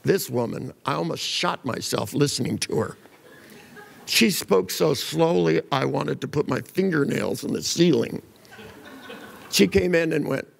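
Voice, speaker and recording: A man's voice: a little high, animated, a little slow, creaky, long reverb tail. An older man giving a seminar talk, telling blunt, joking stories and acting out the voices of people in them. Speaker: seminar speaker. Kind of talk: live seminar talk with anecdotes.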